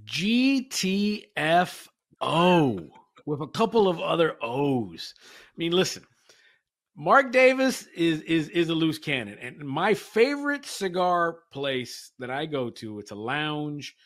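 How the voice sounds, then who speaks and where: Emphatic, bright-voiced man telling a story. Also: fairly high pitch, sing-song, slow. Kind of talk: casual sports chat.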